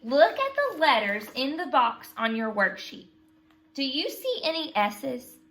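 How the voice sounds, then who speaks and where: Woman, teacher, kids' phonics lesson, unhurried, patient prompting, bright tone. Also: sits high, big pitch swings. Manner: slow, patient, prompting call-and-response. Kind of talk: phonics lesson for young children.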